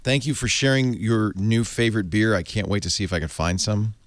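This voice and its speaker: A man hosting a casual tech podcast, talking in an animated way and laughing easily. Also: on the low side, brisk, dry recording. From Providence area, US. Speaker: podcast host.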